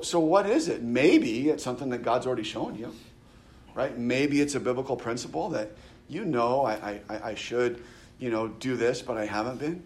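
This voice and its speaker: A male pastor preaching a sermon in a conversational way, with frequent restarts, who reads scripture aloud with rising emphasis. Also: mid-range voice. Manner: conversational preaching, many restarts and stammered repeats.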